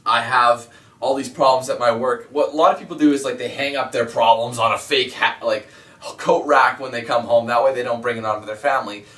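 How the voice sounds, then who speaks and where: A man's voice: mid-range voice, fairly bright tone. A man vlogging casually as a gaming YouTuber, rambling and candid, with lots of fillers. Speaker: YouTube let's player. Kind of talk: casual vlog monologue. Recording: roomy echo, mic at a distance.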